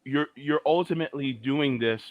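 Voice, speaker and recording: A man's voice: mid-range voice, normal speed, dry recording, narrow, tinny audio. A man co-hosting a casual political podcast, jokey and emphatic. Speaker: co-host.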